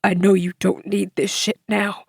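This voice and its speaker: A woman narrator voicing a tough, motherly older female prison inmate with a soft, gruff, coaxing manner. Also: medium pitch, level tone, measured pace, no room sound, studio quality. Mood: gentle coaxing.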